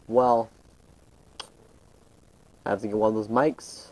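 A man's voice: medium pitch, takes it slowly, a little mellow, no room sound, low-quality recording. A man giving casual, rambling commentary over his gameplay, often stopping and restarting his sentences. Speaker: gaming channel host.

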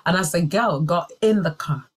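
A woman's voice: lowish voice, normal speed, breathy edge. A woman telling a personal testimony in a sermon, in an earnest and emphatic way. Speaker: church speaker.

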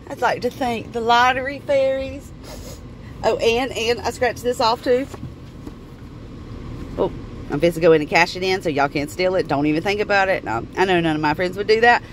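A woman, excitedly vlogging to her viewers and squealing over her wins. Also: medium pitch, normal speed, slight background noise. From Florida. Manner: squealing, bubbly, talks to viewers as y'all. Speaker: lottery vlogger. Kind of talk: excited casual vlog.

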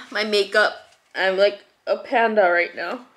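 Bright-voiced young woman, mukbang chat. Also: medium pitch, takes it slowly. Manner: chatty and confiding, laughs often. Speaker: mukbang host.

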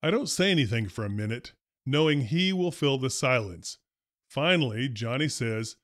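A man's voice: medium pitch, moderate pace, no room sound. Dry, wry man telling school stories. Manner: dry, wry humor, deadpan delivery. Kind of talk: first-person storytelling narration.

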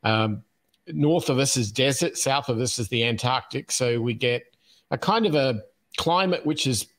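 Aussie guy in his 50s, podcast guest, relaxed storytelling, lots of ums, mid voice. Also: medium pitch. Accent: Australian. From Australia. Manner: unhurried, many ums and uhs, chuckles easily. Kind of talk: casual storytelling interview.

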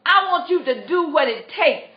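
A woman's voice: sits high, expressive, moderate pace. A woman voicing a kindly older male fisherman who gives firm, instructive advice. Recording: roomy, dull lo-fi livestream.

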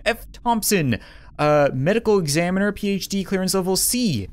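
A woman's voice: medium pitch, expressive, normal speed. Woman joking through a game. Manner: jokey, self-mocking, with sudden squeals and giggles; talks through puzzles aloud, half to herself. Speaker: let's play gamer. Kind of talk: playful gameplay commentary.

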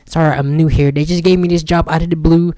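A man's voice: a little high, level tone, quick pace, warm tone, no echo, studio quality. A young man giving casual let's-play commentary, joking and talking back to the game's characters. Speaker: gaming streamer.

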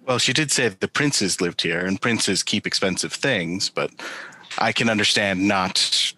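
A man playing in a tabletop game, easygoing and thinking out loud with the group. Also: on the low side, unhurried. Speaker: player. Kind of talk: casual chat at a tabletop game.

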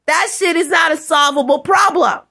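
A woman vlogger in an angry, rambling rant, swearing constantly and often breaking into shouts. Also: high-pitched, moderate pace, gravelly. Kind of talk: ranting vlog monologue.

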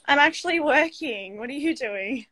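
Excited, giggly Australian woman in her twenties with a high voice, chatting on a phone call from home. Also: normal speed. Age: 20s. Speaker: fan on a video call. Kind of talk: casual chat. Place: home office. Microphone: phone on a live video call.

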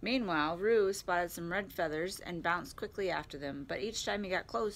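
A woman at a library storytime, reading a picture book aloud in a clear, expressive way. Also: lowish voice, normal speed, hardly any pauses, a little hiss or hum.

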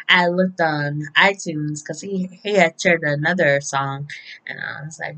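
A woman's voice: low-pitched, a little slow, sharp tone, poor audio. A woman casually recapping a week of soap opera episodes, chatty and often laughing, with occasional swearing.

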